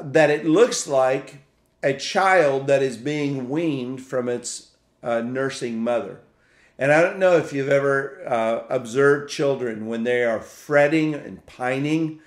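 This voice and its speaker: Slow, reflective pastor in a roomy space. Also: male voice, medium pitch. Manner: reflective, halting, repeats words while searching for them. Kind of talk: podcast sermon.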